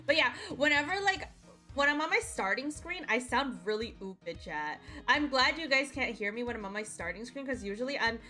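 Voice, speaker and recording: A woman streamer with a high, bright voice chats casually with her viewers. She is playful and teasing and breaks into giggles often. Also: expressive, brisk, soft background music.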